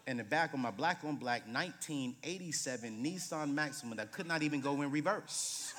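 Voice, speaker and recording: Animated man preaching in a reverberant hall. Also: on the high side, a little fast, hardly any pauses, slight background noise. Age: 30s. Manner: animated, humorous, swings from loud to hushed. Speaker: guest preacher. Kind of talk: sermon with storytelling. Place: church sanctuary.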